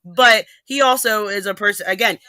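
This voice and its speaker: Bright, animated ranting woman. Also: medium pitch, dry recording. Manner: animated, ranting, quick asides and restarts. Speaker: podcast guest. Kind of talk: casual podcast chat.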